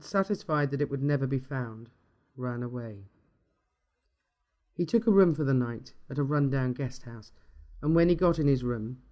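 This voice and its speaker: A man reading a dark short story aloud in a steady, measured storytelling manner. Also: mid-range voice. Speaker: narrator.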